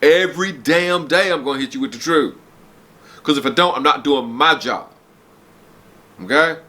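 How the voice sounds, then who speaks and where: A forty-something man vlogging from a room in his house, preaching hard truths in a blunt, profane rant. His voice is tense and forceful, and he keeps stopping to apologize before he gets worked up again. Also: a little high, normal speed. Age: 40s. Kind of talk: blunt unscripted rant to camera. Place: home, downstairs room.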